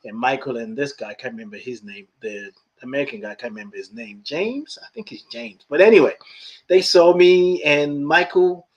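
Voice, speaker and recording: A man's voice: mid-range voice, brisk, muffled recording. A man from Nigeria with a mixed Nigerian, British and Southern US accent, hosting a podcast and telling stories in casual conversation. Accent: Nigerian, British and Southern US mix. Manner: animated storyteller, acts out quoted voices. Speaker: podcast host.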